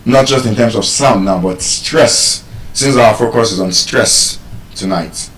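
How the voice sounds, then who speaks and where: A man's voice: fairly low pitch, unhurried, distant mic, slight background noise. Nigerian male pronunciation tutor, questions the room, echoey and set back from the mic. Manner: animated, asks the audience questions. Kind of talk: live pronunciation class.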